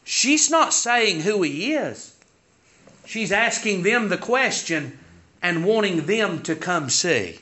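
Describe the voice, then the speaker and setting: A man preaches a sermon, his high voice swinging widely as he builds to emphatic peaks. He speaks slowly with a bright, forceful tone and leans on folksy rhetorical questions. The recording is dull and lo-fi. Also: sing-song.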